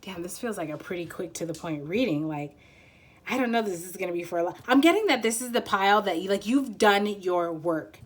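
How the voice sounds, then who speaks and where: A woman's voice: medium pitch, lively intonation, brisk. A woman giving a casual pick-a-card tarot reading, rambling and giggly as she searches for words.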